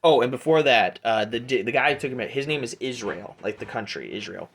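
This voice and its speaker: A man narrating as game master in a tabletop game, halting with restarts as he looks through his notes. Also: mid-range voice, fairly bright tone. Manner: halting, many fillers and restarts.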